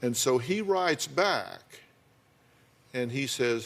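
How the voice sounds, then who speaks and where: A man interviews a guest on a television talk show. He asks folksy, probing questions and reads letters aloud at a slow, deliberate pace. His pitch sits in a middling range. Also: animated, gravelly, fairly bright tone. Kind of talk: studio interview. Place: television studio.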